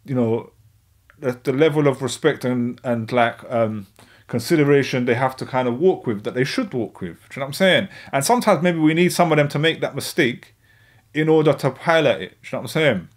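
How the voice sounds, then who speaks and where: A man's voice: medium pitch, expressive. A man, giving a thoughtful live reaction commentary and often checking in with the viewers. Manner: thoughtful, measured, frequent "you know what I'm saying". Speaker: streamer reacting to clips.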